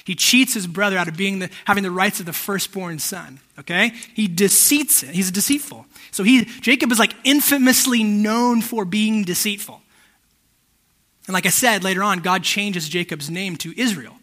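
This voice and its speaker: A young man preaches in a relaxed, chatty way, often stopping to check that his listeners are following. His voice sits high for a man and has a bright, forceful edge. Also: moderate pace. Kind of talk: casual sermon.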